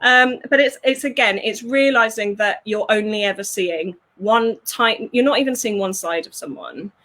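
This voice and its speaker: A woman speaks as a fulfillment coach in a relaxed interview. She talks in a lively way, laughs easily and slips into quick voices when she quotes someone. Her pitch sits in a middle range. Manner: animated, laughs often, acts out quoted voices. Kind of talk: conversational interview.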